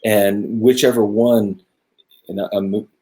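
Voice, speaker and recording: A man with a somewhat low voice talks through scripture in a relaxed study chat. He sounds earnest and thoughtful, and he grows animated when he drives a point home. He speaks close to his own camera. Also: slow. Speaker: co-host of a religious discussion show. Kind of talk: casual Bible study discussion. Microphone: own camera close by, video stream.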